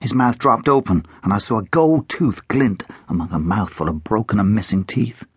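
A man narrating a children's adventure audiobook in the first person, expressive and animated. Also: fairly low pitch, normal speed, husky, dry recording, clean studio sound.

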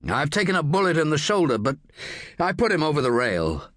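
Wounded man, gasping and strained, lively delivery, read by a male narrator. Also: on the high side, brisk, no echo, studio quality, voice pushed up. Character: wounded American man, Blake, fading fast.

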